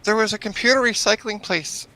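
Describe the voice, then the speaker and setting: A man in a casual group chat who asks questions and searches his memory out loud. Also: high-pitched, a little fast, low-quality recording.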